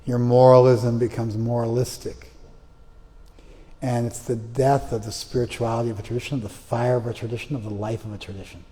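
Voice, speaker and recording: A man's voice: mid-range voice, little pitch movement, a little fast, dark tone. Man teaching scripture in a reverberant room. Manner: recites verses then explains them, storytelling with acted voices. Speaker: spiritual teacher. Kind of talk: lecture on scripture. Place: class room.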